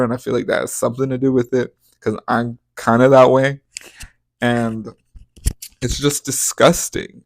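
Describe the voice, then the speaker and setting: A man's voice: medium pitch, gravelly, no echo. Dramatic young man dishing gossip. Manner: dramatic, profane, exaggerated outbursts. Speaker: podcast host. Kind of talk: casual gossip commentary.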